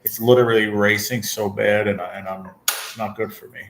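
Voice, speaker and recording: A man's voice: on the low side, level tone, fairly quick, creaky, noisy background. A man in his forties chatting casually with his livestream viewers, venting bluntly and swearing often. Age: 40s. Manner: talks straight to viewers and chat. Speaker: channel host.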